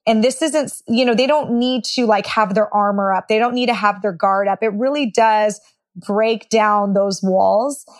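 A woman's voice: medium pitch, normal speed. A woman who invests in real estate, teaching how to talk price with sellers and acting out sample phrases in a conversational way. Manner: conversational, non-confrontational, acts out sample phrases. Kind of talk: instructional talk with role-played lines.

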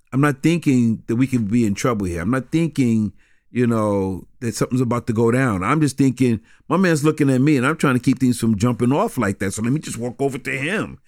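A middle-aged man telling stories from his years in street ministry, animated, with many restarts. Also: mid-range voice, dry recording, studio quality. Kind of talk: conversational storytelling.

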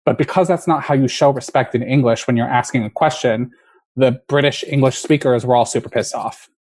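A man's voice: medium pitch, fairly quick, a little mellow. A man talking as a podcast guest about his work as a linguist, explaining ideas in a loose, storytelling way. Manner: explanatory, storytelling, frequent "like" fillers. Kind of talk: casual interview chat.

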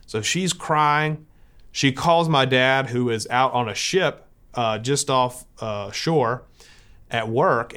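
A man's voice: medium pitch, slow pace. Conversational American man telling a story. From United States. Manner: conversational, lively when quoting others. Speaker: speaker telling his faith story. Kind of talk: personal storytelling.

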